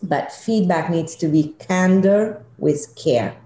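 A woman's voice: on the low side, slow pace. Middle-aged woman telling a story in an echoey room. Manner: animated, emphatic storyteller. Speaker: guest, leadership consultant. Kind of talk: personal storytelling in an interview.

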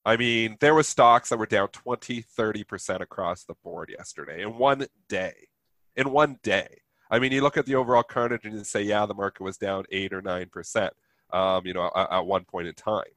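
A man's voice: lowish voice, fairly bright tone, dry recording. A man with a nasal voice from a sinus infection, giving blunt, emphatic market commentary as co-host.

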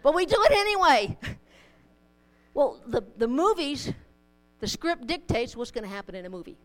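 In church, a woman with a high, sing-song voice preaches at a moderate pace. She talks to the congregation in a plain, conversational way, pairing scripture with homespun stories and light humor. The recording is low quality.

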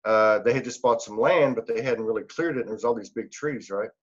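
A man's voice: on the low side, fairly quick, slightly rough, dull audio. A middle-aged man, a podcast guest, telling a personal story in an earnest, rambling way, laughing often and using many fillers. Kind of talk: casual storytelling.

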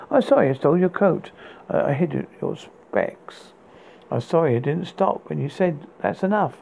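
A man's voice: a little high, creaky, mellow. A man hosting a podcast, reading poems aloud and often stumbling and restarting words. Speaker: podcast host. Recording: tinny phone-like sound with faint hiss.

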